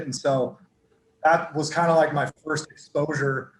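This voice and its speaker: A man's voice: a little high, measured pace, a little hiss or hum. Laid-back man in an echoey room. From Northern California. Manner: relaxed and rambling, frequent fillers and restarts. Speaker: football strength coach, podcast guest. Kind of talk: casual podcast interview storytelling. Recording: echoey room with faint ambience.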